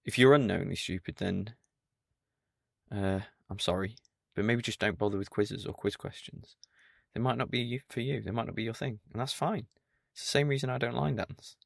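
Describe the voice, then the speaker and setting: A man hosts a solo podcast in a dry, pedantic, mock-stern manner. His voice sits low with a gravelly fry. The recording is close and dry, with no room sound. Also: steady tone, normal speed, no echo. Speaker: podcast host.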